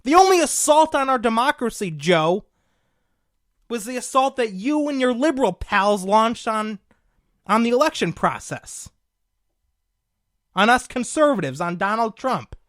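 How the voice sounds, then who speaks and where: An indignant young man hosting his own political talk show, voice swinging widely between loud outrage and low mutters. He talks combatively and sarcastically, calling his listeners folks. The sound is dry and close, with no room around it. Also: big pitch swings, measured pace, long pauses, dry recording. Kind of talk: opinionated political commentary.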